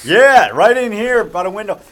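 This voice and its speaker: A Chicago-area horror filmmaker and actor talks at a normal speed in a high, expressive, somewhat bright voice. He's rambling through a laid-back vlog in a small framing shop, self-promoting and repeating himself with a showman's flair.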